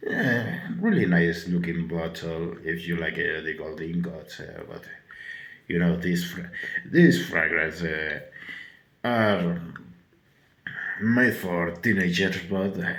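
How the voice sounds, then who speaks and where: A man with a cold gives a laid-back perfume review, swearing often and stopping on "uh" between thoughts. His voice sits very low and moves slowly. The room adds a noticeable echo. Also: expressive, fairly bright tone. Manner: halting, full of filler words and swearing. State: sick with a cold. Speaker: fragrance reviewer. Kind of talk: casual product review.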